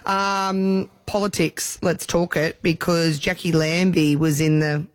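A co-host chats and rambles on breakfast radio. The voice is mid-pitched. The studio sound is dry and close. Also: little pitch movement, slow, no room sound. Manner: chatty, rambling.

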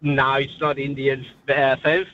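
A man with a Mauritian accent, calling a radio show while driving, answering calmly. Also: unhurried. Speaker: caller. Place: car, driving. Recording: muffled call with faint road rumble.

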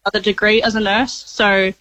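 A woman's voice: mid-range voice, little pitch movement, fast talker, pushed and bright, no room sound, low-quality recording. A woman in her twenties with an Australian accent, calling in to a radio show and answering hesitantly with many fillers. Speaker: caller. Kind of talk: phone call on a radio show.

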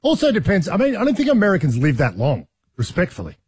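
A man's voice: high-pitched, huge pitch swings, quick pace, background noise. A man hosting a breakfast radio show, joking and telling stories in casual banter. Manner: joking, storytelling. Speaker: radio host.

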